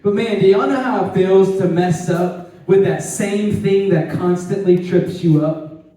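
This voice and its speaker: Animated high-voiced male youth preacher. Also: measured pace. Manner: animated and conversational, with tag questions and laughing asides. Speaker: youth pastor. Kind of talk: lively youth sermon. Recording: echoey hall, distant mic.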